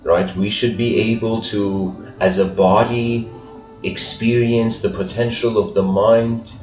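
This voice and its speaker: A man's voice: fairly low pitch, fairly even intonation, takes it slowly, darkish tone. A man giving a casual spiritual lecture, rambling with many fillers and frequent laughs. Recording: echoey room, far mic, dull sound, faint music.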